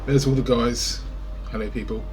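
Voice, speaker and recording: A man's voice: medium pitch, steady tone, moderate pace, music in the background. A British man rambling through a casual reaction to film trailers, full of wry asides, recorded indoors in front of a greenscreen.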